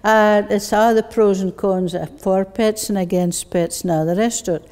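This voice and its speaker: A woman with a northeast Scottish accent is interviewed as a guest poet at an arts centre, chatting casually, laughing easily, and using Scots words. Her mid-range voice is darkish and clean, with fairly even intonation and a moderate pace, and the recording carries the long reverb of a large hall.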